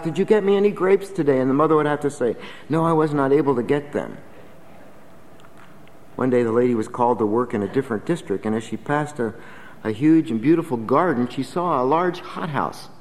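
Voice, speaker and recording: An earnest male preacher delivers a sermon, exhorting and emphatic, swelling on key phrases. His voice sits a little high for a man, and a long hall reverb trails behind every line.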